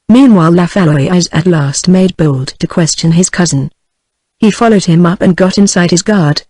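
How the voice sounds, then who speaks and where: A woman's voice: on the low side, normal speed, a little mellow, breathy edge, no echo. Synthetic British woman reading a novel. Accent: British English. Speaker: audiobook narrator. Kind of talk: synthetic audiobook narration.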